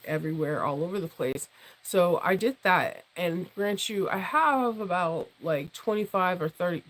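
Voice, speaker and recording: Gravelly woman losing her voice. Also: poor audio. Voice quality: low, husky tone she calls her jazz voice. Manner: rambling and chatty, with many restarts, fillers and laughs. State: losing her voice, deeper than usual. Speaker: sewing channel host and sewing teacher. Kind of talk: casual livestream chat with viewers. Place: at home, downstairs in her sewing room.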